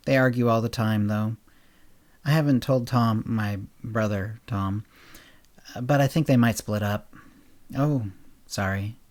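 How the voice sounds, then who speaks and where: Guy reading a short story on his podcast, lowish voice, goes higher for the girls talking, quiet on the narration. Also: measured pace, long pauses. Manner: lifts his voice for the girls' dialogue, drops low and quiet on narration. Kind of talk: scripted story narration with character dialogue.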